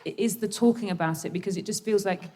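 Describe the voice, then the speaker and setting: Woman, comedian guest, live stage, mid pitch, earnest, quick, passionate. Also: dark tone. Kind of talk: onstage conversation. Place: live theatre stage before an audience.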